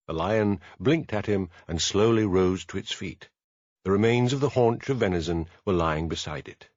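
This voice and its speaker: A man narrating a mystery audiobook in expressive scripted narration. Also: fairly low pitch, moderate pace, no echo, dull audio. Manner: expressive storytelling.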